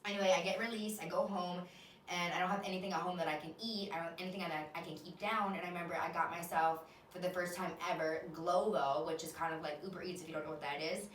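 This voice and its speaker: A woman in her twenties, a podcast host, telling personal stories in a candid, animated way with casual swearing. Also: lowish voice, quick pace, echoey room, far from the mic, slight background noise, rough recording. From United States. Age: 20s. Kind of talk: casual storytelling monologue.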